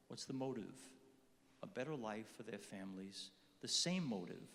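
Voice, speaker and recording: An older man giving an earnest inspirational talk at a conference, telling stories with touches of humor. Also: medium pitch. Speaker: conference speaker. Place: large conference hall. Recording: reverberant hall.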